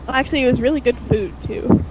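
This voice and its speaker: A woman's voice: sits high, fast. Chatty woman over a noisy mic. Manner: chatty storyteller, laughs at herself. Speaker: podcast co-host. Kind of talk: casual chat.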